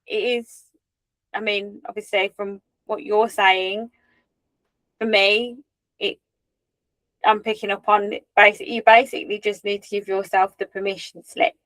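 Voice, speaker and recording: A woman's voice: mid-range voice, flat delivery, a little slow, long pauses, fairly bright tone, no room sound, low-quality recording. A woman co-hosting a casual chat, supportive and agreeable, summing up points. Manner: supportive, frequent short agreements. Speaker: podcast co-host.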